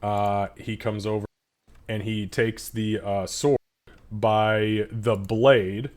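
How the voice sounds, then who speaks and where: A man's voice: fairly low pitch, level tone, slow pace, darkish tone. A man narrating a tabletop game as game master in a loose, profane, filler-heavy way.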